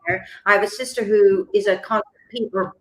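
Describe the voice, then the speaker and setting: A chatty woman guest tells her story in a loose, self-deprecating way, laughing along as she goes. Her voice sits at an ordinary middle pitch, and the room around her rings with a noticeable echo. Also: fairly even intonation, quick pace, a bit bright. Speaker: singer-songwriter and author, guest. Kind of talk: casual interview chat. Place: lives in Melbourne.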